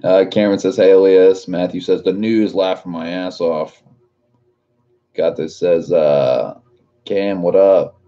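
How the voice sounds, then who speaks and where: A man's voice: low-pitched, slow, warm tone, dull audio. A man in his late twenties chatting casually on a livestream, reading out chat messages and swearing often. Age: 20s. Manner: laid-back, swears a lot, laughs often.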